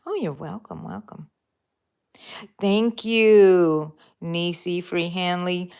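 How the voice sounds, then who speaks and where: A woman's voice: on the low side, fairly even intonation, drawn-out words, darkish tone, clean tone. A middle-aged woman, chatting casually with live viewers while she crochets. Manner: chatty, laughing, talks to viewers. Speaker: crochet vlogger.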